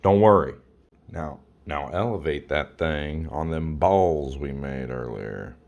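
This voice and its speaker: A man's voice: very deep voice, expressive, slow, gravelly, darkish tone, muffled recording. A man in his home kitchen, filming a casual cooking tutorial on his phone, blunt and crude, repeating his instructions again and again. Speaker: home cook showing a recipe. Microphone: phone camera.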